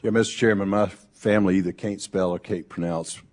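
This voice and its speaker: A man's voice: deep voice, fairly even intonation, brisk, a little mellow. A man with a Georgia accent, delivering a formal opening statement at a congressional hearing. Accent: Georgia, US South. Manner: reads prepared remarks, then jokes easily.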